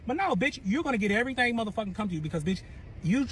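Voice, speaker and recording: Man, high voice, rapid, profane boastful storytime, faint noise behind. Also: animated, a bit bright. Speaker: storyteller in a reacted clip. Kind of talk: animated storytime rant.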